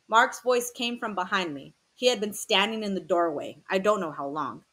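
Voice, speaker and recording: A woman narrating a first-person novel in a calm, reflective reading voice. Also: medium pitch, normal speed, hardly any pauses. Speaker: audiobook reader.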